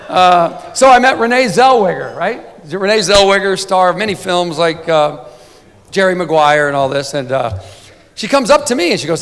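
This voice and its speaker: A man's voice: sits high, lively intonation, normal speed, a bit bright. A man giving a humorous award speech as a sportswriter, telling a rambling comic story full of "right?" asides at a banquet podium. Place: banquet hall. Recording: long banquet-hall reverb.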